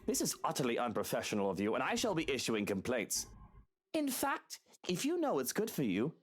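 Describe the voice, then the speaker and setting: A man voicing a haughty wealthy gentleman with an imperious, indignant way of talking. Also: medium pitch, wildly swooping pitch, fairly quick, husky. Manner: imperious, indignant, swearing when scared. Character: haughty wealthy young gentleman, easily rattled.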